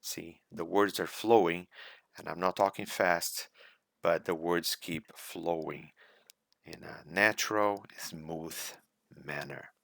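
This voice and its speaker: A man teaching an English speaking exam in a recorded slideshow lecture, deliberate and coaching, repeating key points. English is not his first language. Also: sits low, steady tone, vocal fry, a bit bright, dry recording, clean studio sound.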